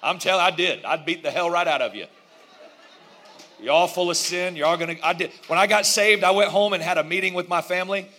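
A middle-aged man, a pastor, delivering an animated sermon, laughing and joking with his congregation. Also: high-pitched, brisk.

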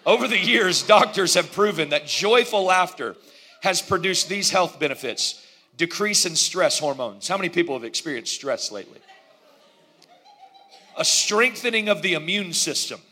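Man, pastor, lively sermon, high voice, bright tone, laughs along with the crowd. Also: normal speed, husky. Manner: animated preaching, laughs and jokes with congregation.

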